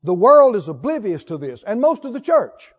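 Male pastor, high voice, animated sermon delivery with call-and-response, lo-fi church recording. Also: normal speed, husky.

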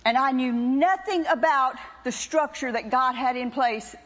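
Older woman, high-pitched testimony preacher, animated and wry, dull lo-fi church recording. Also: unhurried, in a large hall. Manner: animated, teasing, wry storytelling. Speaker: preacher's wife giving testimony. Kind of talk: sermon testimony to a congregation.

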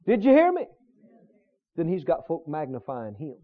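A man's voice: a little high, huge pitch swings, normal speed, narrow, tinny audio. A man preaching a sermon emphatically, repeating his points and asking the congregation questions. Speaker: pastor.

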